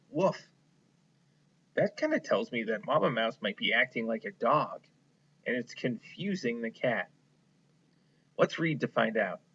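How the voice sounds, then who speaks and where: A male teacher reads a picture book to young children and explains it slowly and encouragingly. His tone is bright and forward, and his pace is unhurried. The recording sounds dull and lo-fi. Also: medium pitch, slightly rough. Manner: patient, encouraging, explaining to kids. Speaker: elementary school teacher. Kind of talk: read-aloud lesson for young children.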